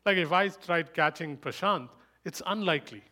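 A man preaches to a live congregation in a voice that sits a little high for a man. He tells stories with lively humour and laughs often. He repeats his key lines for emphasis. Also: normal speed. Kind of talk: sermon with personal anecdote.

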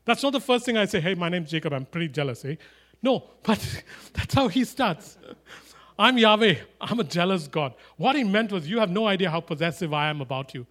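A man preaching a sermon, animated and emphatic, with chatty asides and humorous stories. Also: sits high, a little fast. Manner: animated, rising to loud emphatic declarations.

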